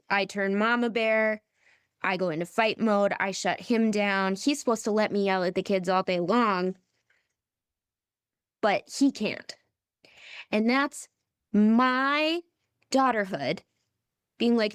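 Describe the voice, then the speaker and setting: A woman's voice: mid-range voice, takes it slowly, long pauses, clean tone, no room sound, clean studio sound. A woman coach on a podcast, speaking emphatically and often checking in with "right?". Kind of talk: podcast conversation.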